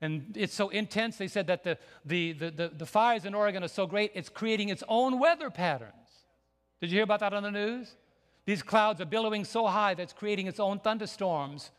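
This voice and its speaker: A man preaching a sermon as pastor, emphatic and building to near shouts. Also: sits high, brisk, smooth. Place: church sanctuary. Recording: long church hall reverb.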